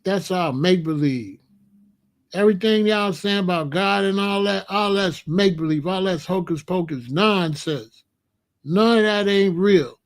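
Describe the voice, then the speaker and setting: A man's voice: high voice, measured pace. A man in his sixties talking casually on a livestream, answering chat in a blunt, emphatic way and often repeating himself. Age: 60s. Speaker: host.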